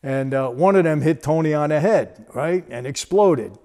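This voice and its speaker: A man's voice: on the high side, animated, normal speed, warm tone. A man, telling a story in a casual, conversational way with frequent asides. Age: 60s.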